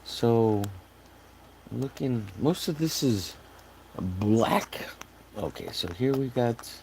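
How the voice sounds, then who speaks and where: While painting in his home studio, a man chats casually with live-stream viewers, muttering to himself, cracking silly jokes and breaking into bursts of silly sing-song. His medium-pitched, slightly mellow voice is animated but slow, with vocal fry. A video plays in the background, and there is a little hiss or hum.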